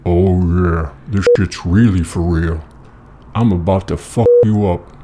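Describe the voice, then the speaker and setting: A man voicing a brutish, threatening giant in a gruff voice. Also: low-pitched, fairly even intonation, unhurried, mellow, slight background noise. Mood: menacing. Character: brutish menacing male giant.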